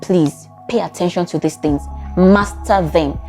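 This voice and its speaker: A woman with a Nigerian accent giving relationship advice in a vlog, animated and acting out both sides of arguments. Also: lowish voice, measured pace, soft background music. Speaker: relationship coach.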